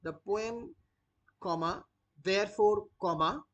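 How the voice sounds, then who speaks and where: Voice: mid-range voice, slow pace, a bit bright, lo-fi sound. A teacher dictating notes for a literature lesson, repeating each phrase and spelling out words letter by letter. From India. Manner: frequent "uh" fillers when explaining.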